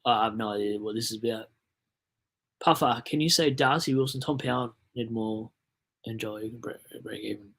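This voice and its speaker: A man's voice: mid-range voice, moderate pace, vocal fry, a bit bright. A young Australian man hosting a casual livestream, chatting loosely, rambling and reading out viewer messages. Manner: chatty, rambling, reads chat aloud. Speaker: livestream host.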